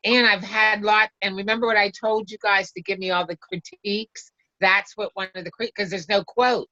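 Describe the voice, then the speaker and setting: A woman's voice: medium pitch, steady tone, moderate pace, bright, forceful tone, no room sound. A woman talks from her couch at home over a video call. She rambles, restarts her sentences and lets them trail off. Her call audio sounds dull and lo-fi, and the sound is dry and close with no room around it. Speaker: independent travel agent in training. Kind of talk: casual video call chat. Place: home, sitting on a pull-out couch.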